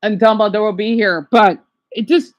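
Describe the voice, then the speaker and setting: A woman ranting on a casual livestream. She is agitated, swinging between angry outbursts and hushed apologies. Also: medium pitch, steady tone, moderate pace.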